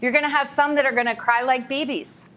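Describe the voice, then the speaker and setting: A woman's voice: high-pitched, fairly even intonation, fairly quick, fairly bright tone. A woman from a school of government giving a conversational workshop presentation to a county board, now and then acting out reluctant staff. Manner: conversational, acts out reluctant staff in mock voices. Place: meeting room.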